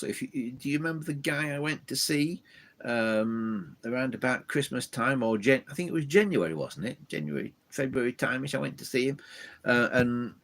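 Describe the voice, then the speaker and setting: A man's voice: medium pitch, creaky. A man hosting a live stream from his loft, rambling chattily as he reads out viewer comments. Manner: rambling, chatty, many fillers and restarts. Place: home loft full of old telephones.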